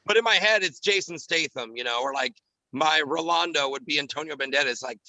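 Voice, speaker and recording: A man talking quickly and with animation in a casual podcast chat, a comedian and radio host. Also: fairly high pitch, no echo, poor audio. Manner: animated, quick, drops into character voices.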